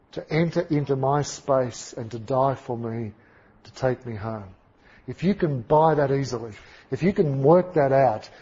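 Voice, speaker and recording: A man preaching a sermon, telling stories emphatically and dramatically, swinging from loud to hushed. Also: mid-range voice, breathy edge, dull audio. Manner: dramatic, emphatic storytelling with big swings in volume.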